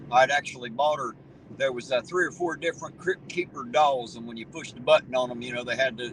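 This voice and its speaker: A man's voice: medium pitch, noisy background. A middle-aged man, hosting a livestream, chatting casually and reminiscing in a folksy, rambling way. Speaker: livestream host reading chat. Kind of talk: casual chat.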